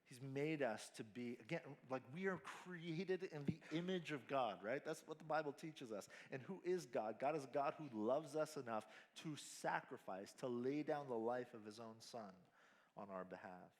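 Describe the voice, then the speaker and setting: A man preaching a sermon at a family camp, slow and emphatic, mixing scripture with casual slang. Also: mid-range voice. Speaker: pastor. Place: large hall at a family camp. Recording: hall reverb.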